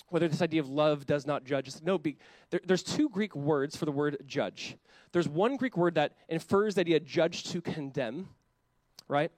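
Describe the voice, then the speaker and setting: Fast, high-voiced animated male pastor. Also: no room sound. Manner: animated, acts out quoted voices, self-interrupting. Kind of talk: sermon.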